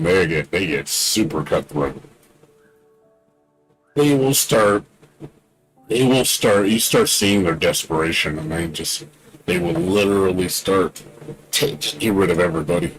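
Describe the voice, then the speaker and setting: A man with a fairly low voice rants during a game livestream, indignant and circling back to the same points. He leans on fillers and repeats himself as he vents. Faint game music plays behind him. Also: unhurried, poor audio. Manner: indignant, repetitive, many "you know" fillers. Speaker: game streamer. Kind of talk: casual rant during a livestream.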